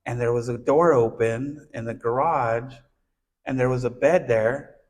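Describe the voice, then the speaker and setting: A man's voice: mid-range voice, steady tone, a little slow, darkish tone. A man who founded a nonprofit tells his childhood story in a casual, earnest interview. He talks conversationally, with many restarts and "you know"s. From United States (born in Texas, raised in southern California).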